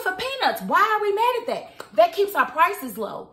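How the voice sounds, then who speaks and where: A woman's voice: extremely high pitch, very animated, normal speed, bright, forceful tone. An American woman giving outspoken, opinionated news commentary, full of rhetorical questions. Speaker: vlogger and commentator. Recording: roomy echo.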